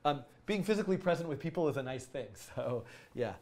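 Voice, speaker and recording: A man's voice: a little high, animated, a little fast, darkish tone, slight background noise. Upbeat man teaching a live stream. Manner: rambling, enthusiastic, many ums and restarts.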